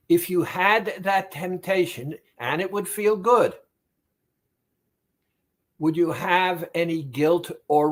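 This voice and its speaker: This is a male therapist, voice a touch high, delivering a direct monologue on weight loss. The delivery is measured and forceful, with a lot of repetition.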